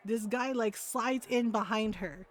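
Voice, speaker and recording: A woman streaming a game from home at a desk mic, telling a story in casual chat, animated and laughing as she acts out the people in it. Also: a little high, measured pace.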